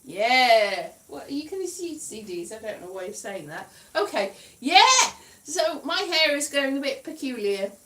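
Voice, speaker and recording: Rambling, self-mocking woman with a lively voice. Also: sits high, unhurried, echoey room, recorded from a distance. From Wales. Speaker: comedian. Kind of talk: casual livestream chat.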